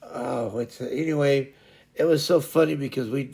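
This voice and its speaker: A man's voice: medium pitch, fairly even intonation, a little fast, vocal fry, a little mellow. A man hosting his stream, telling a funny story in a rambling way with many fillers, searching for words and laughing as he goes. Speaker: streamer host. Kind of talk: casual storytelling chat.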